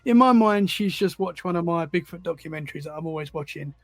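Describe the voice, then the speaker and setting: A podcast guest who loves the paranormal tells stories in a casual, rambling way, often repeating words as he finds his thread. His voice is on the high side, animated and fast, with no echo.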